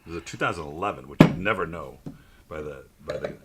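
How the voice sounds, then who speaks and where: A man hosting a casual wine tasting chat, telling stories with lively asides. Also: very deep voice, quick pace. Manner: storytelling, animated, laughing asides. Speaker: wine club host. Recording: noticeable background noise.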